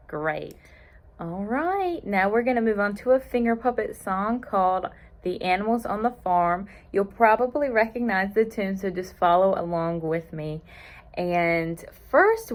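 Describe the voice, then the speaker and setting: A woman hosting a children's storytime, speaking cheerfully to small children and asking them questions as she reads. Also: medium pitch.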